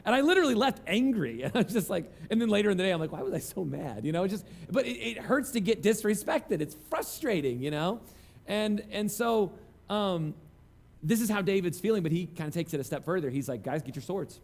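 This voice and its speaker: A man's voice: sits high, lively intonation, fairly quick, vocal fry, darkish tone. A man preaching a conversational sermon, telling self-deprecating stories. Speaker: pastor.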